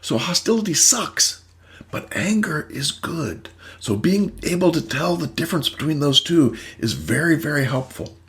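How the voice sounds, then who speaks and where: A man, a therapist and host, telling a story and explaining ideas in an emphatic, animated way. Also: fairly high pitch, normal speed. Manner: animated, emphatic, acts out voices. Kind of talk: storytelling and teaching talk.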